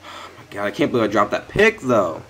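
His voice is on the low side but swoops wildly in pitch, fairly bright and a little fast. A young gaming YouTuber commentates live on his football video game, swearing at his players in frustration. He speaks close to a headset or desk mic.

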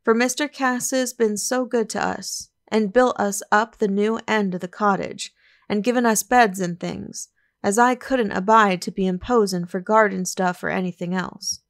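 A woman voices a mild old weaver who speaks with grave, fatherly fondness in plain country phrases. He talks in an audiobook reading, at a middling pitch for a woman. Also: fairly even intonation, normal speed, natural voice. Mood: fond, grave. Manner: mild, fatherly rustic speech. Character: aging gentle male weaver, grave and fond.

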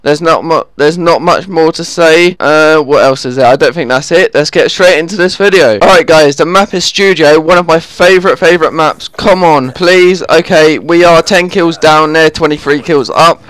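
A man talks through a shooter match as he plays it, his voice sitting a little high and coming through smooth and clear. He is quick to exasperation, groaning and pleading with the game whenever a kill slips away. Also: a bit bright, no echo. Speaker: gaming channel host. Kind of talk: live gameplay commentary.

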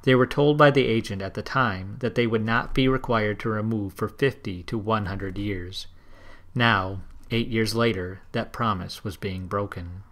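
A man narrating a historical novel in a measured, steady audiobook reading. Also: lowish voice.

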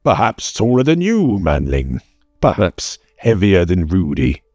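Gotrek: man doing curt one-eyed dwarf, deep, dry close mic. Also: wildly swooping pitch, a little slow, a little mellow, no room sound, full character voice. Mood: gruff. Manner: curt, blunt, few words. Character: gruff one-eyed male dwarf warrior, blunt. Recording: dry close mic, faint music bed.

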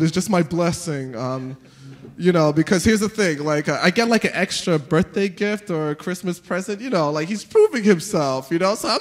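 Man, stand-up comedian, high voice, very lively pitch, rambling, filler-heavy, live set. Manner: animated and rambling, full of fillers, jumping into exaggerated voices.

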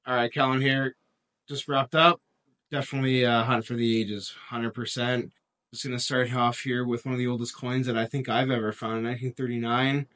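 Easygoing man with halting ums. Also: mid-range voice, little pitch movement, fairly bright tone. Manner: easygoing, with frequent ums and uhs. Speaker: co-host. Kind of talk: casual show-and-tell narration.

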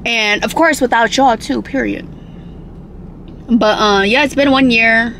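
Young woman from Milwaukee, casual vlogger, a touch high, chatty and loose, swears a lot. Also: unhurried, fairly bright tone, a little hiss or hum, low-quality recording. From Milwaukee, Wisconsin. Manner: chatty and upbeat, swears freely, rambles with fillers. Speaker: vlogger and makeup artist. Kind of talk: casual vlog chat.

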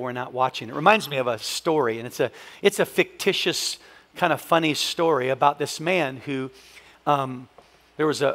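A man pastor preaching a sermon in a church, telling a story with animated voices and leading the congregation in call-and-response. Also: a little high, big-room sound. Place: church sanctuary.

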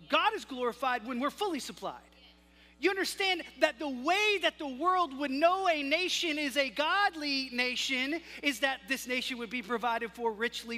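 A male pastor preaching a sermon, with a dynamic delivery that swings between loud emphasis and hushed asides. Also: extremely high pitch. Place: church sanctuary. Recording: long hall reverb with faint music.

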